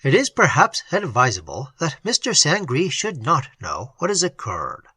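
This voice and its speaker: A narrator doing a calm, authoritative male doctor. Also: medium pitch, breathy edge, dry recording, full character voice. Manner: quiet, measured, decisive.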